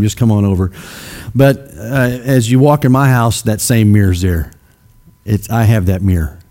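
A man's voice: medium pitch, mellow. A middle-aged man from Missouri giving a folksy storytelling talk to a church audience, rambling and self-deprecating with many fillers.

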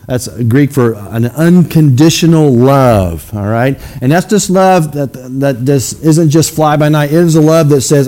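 A pastor, a man, leads a sermon in a church. His voice sits a little high for a man. He keeps it conversational, explaining words and checking in with listeners as he goes. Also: darkish tone. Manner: conversational preaching, frequent "okay?" check-ins with the congregation. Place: church sanctuary.

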